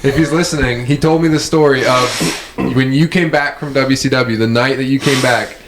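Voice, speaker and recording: A man's voice: mid-range voice, steady tone, moderate pace, background noise. A man on a podcast telling a rambling, casual anecdote with fillers. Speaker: podcast co-host.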